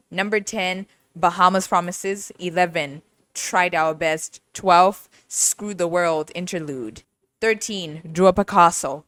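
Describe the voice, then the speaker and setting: A young woman hosting a casual music podcast, animated, laughing often and mimicking voices as she talks. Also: on the low side, dry recording. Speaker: podcast host.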